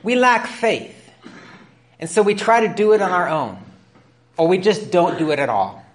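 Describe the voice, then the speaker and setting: Animated storytelling male preacher. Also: brisk. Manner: storytelling, acts out dialogue with rising pitch. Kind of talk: sermon.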